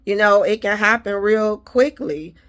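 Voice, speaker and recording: A woman's voice: medium pitch, unhurried, a bit bright. A woman talking casually to her viewers, giving faith-filled encouragement and repeating her reassurances. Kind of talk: casual motivational talk.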